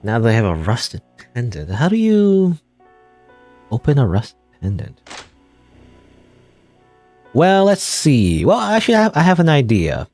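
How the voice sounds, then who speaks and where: A man's voice: mid-range voice, huge pitch swings, a little slow, long pauses, darkish tone, faint music behind. A man giving casual gameplay commentary, rambling and chuckling as he thinks aloud. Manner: rambling, chuckling, self-interrupting. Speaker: let's play gamer.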